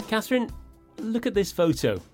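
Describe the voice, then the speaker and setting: A man's voice: sits high, very animated, normal speed, loud music behind the voice. A man co-hosting a scripted language lesson, bantering playfully while he explains. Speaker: co-host.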